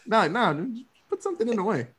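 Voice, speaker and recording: Animated young man recapping a film, swearing freely. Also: high-pitched, quick pace, slightly rough. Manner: profane, laughing, acts out characters' lines. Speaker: podcast co-host recapping a film. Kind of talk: casual chat.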